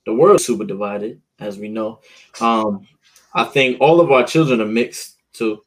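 A man's voice: lowish voice, unhurried, poor audio. A man hosting a podcast, chatting loosely and animatedly, swearing freely and calling people "bro". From United States. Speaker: podcast host. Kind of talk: casual chat.

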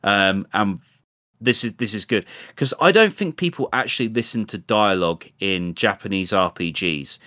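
British man, lowish voice, dry sound. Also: moderate pace, dry recording. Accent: British English. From Britain. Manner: animated, mocking impressions. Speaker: podcast co-host. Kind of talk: casual chat.

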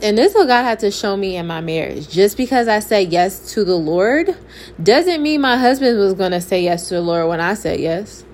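A woman's voice: medium pitch, a little mellow. A young adult woman gives a candid, preachy faith testimony, speaking straight to her viewers in a casual way. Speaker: faith vlogger. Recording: faint background noise.

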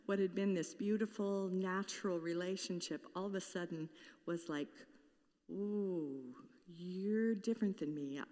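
A woman's voice: medium pitch, warm tone, big-room sound. A woman pastor preaching a sermon in an earnest way, now and then acting out the voices she quotes.

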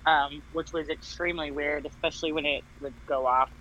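A man's voice: on the high side, steady tone, a little fast, pushed and bright. A man, a father, telling a rambling story in casual group chat, full of fillers and swearing. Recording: dull lo-fi sound with faint noise.

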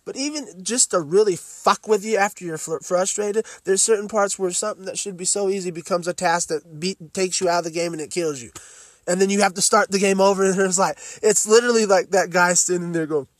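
A man's voice: sits high, fairly quick, no echo. Profane ranting man, dry close sound. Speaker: podcast host. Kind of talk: solo podcast rant.

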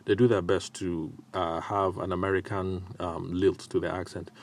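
A man hosting a solo advice podcast, talking in a measured way with frequent filler pauses. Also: deep voice, flat delivery. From Nigeria. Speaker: podcast host.

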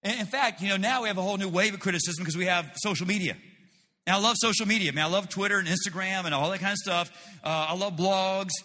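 A man's voice: high-pitched, quick pace, sharp tone, long reverb tail. A man preaching a sermon as pastor, emphatic, repeating phrases with mocking asides.

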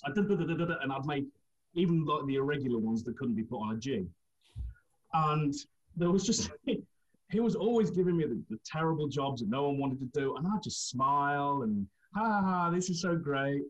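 A man's voice: a little high, lively intonation, fairly quick. Guy rambling thru funny stories, laughing a lot, kinda muffled lo-fi audio. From England. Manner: rambling, laughs through anecdotes. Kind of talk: casual storytelling chat.

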